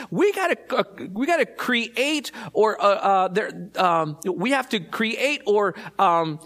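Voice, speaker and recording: A man's voice: high voice, fairly bright tone. A middle-aged male pastor preaching a sermon in a conversational way, full of fillers and restarts, rising to emphatic points.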